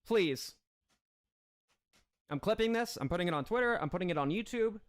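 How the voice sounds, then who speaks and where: Racing along with lively intonation in a high-pitched voice, a man hosting a livestream unleashes profane, combative ranting commentary.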